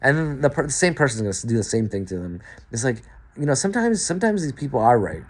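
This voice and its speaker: A man's voice: medium pitch, sing-song, fast talker. A man in a rambling monologue to camera, swearing often, restarting his sentences and swinging between muttered asides and emphatic outbursts. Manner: profane, stream-of-consciousness, many restarts and stumbles.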